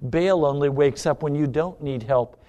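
A man preaching a sermon to a church congregation, swinging between loud pleading cries and hushed, low asides. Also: moderate pace.

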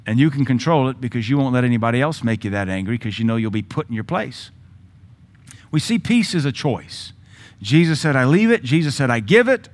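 Emphatic Southern pastor preaching. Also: male voice, mid-range voice. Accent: Southern American. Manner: repetitive emphatic preaching, quotes with raised voice. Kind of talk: sermon. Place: church.

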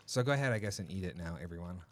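A man's voice: low voice, expressive, rapid-fire, a bit bright. A man hosting a casual tasting chat, rambling and chatty, reading out labels and history. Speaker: host.

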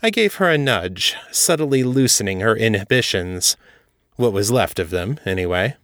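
A man reading his own first-person fiction as a podcast host, steady and matter-of-fact. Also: lowish voice, normal speed, dry recording, studio quality. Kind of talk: first-person story narration.

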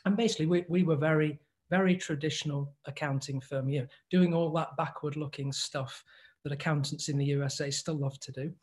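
Husky English man in his sixties. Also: on the high side, steady tone, brisk. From England. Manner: polite, friendly, stammers on starts. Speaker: podcast guest. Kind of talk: casual interview chat.

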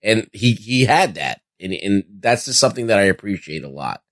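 Lively-voiced man joking on a podcast. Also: fairly low pitch. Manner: joking, quick quips. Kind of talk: casual chat.

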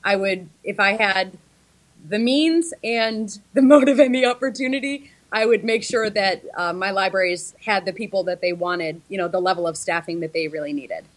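A woman's voice: medium pitch, normal speed. A woman in her thirties, a librarian guest speaking over a video call, with many ums and restarts. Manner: hesitant, frequent ums and restarts.

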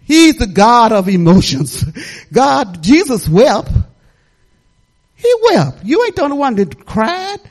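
A woman's voice: on the high side, slow pace. A middle-aged woman pastor delivering a sermon with a wide, swooping melody. Her preaching is folksy and conversational, full of laughs and asides to the congregation. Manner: lively, folksy preaching with laughter and talk-back.

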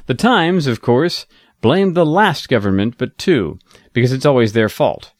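A man's voice: medium pitch, big pitch swings, a little slow, no echo, studio quality. A man co-hosting a podcast in casual chat, reading a listener email aloud with chuckles and asides. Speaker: podcast co-host.

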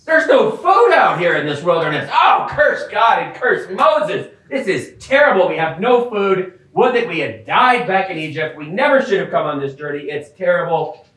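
A man's voice: high voice, big pitch swings, normal speed, fairly bright tone. A man voicing a crowd of fickle, complaining ancient Israelites in a sermon, melodramatic and wailing. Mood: whining. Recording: echoey, distant outdoor sound.

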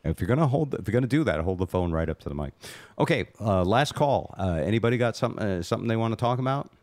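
A man's voice: lowish voice, animated, fast talker, a little mellow, no room sound. A man hosting a casual podcast chat, telling a long rambling story and poking fun at himself. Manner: rambling, self-mocking storyteller. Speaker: host.

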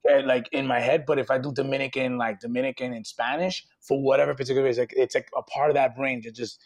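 A man talking as a podcast guest in animated, rambling casual chat, swearing casually. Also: mid-range voice, quick pace.

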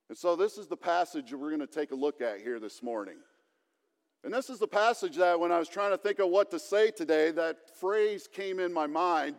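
A man's voice: fairly high pitch, animated, moderate pace. A male pastor giving a conversational sermon with light humor, in a church hall.

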